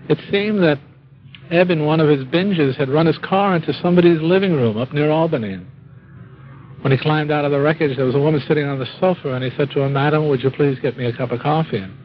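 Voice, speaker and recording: Wry man telling a story, lo-fi. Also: a little high. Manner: wry, self-mocking humor; folksy, acts out quoted speech. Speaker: speaker telling his own drinking story. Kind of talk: storytelling talk.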